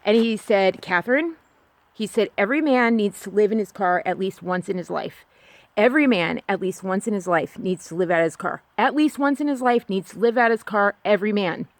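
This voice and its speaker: A woman's voice: mid-range voice, lively intonation, a little fast, no room sound. Woman from California rambling through a personal story. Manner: rambling, confiding, many restarts and "like". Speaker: podcast host.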